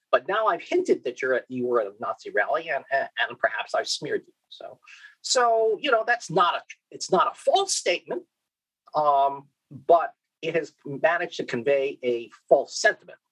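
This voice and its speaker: A keynote speaker with a fairly high voice lectures at a conference, and the recording is rough. He's lively and questioning, tossing rhetorical questions at the audience, restarting sentences, and often checking in with "okay?"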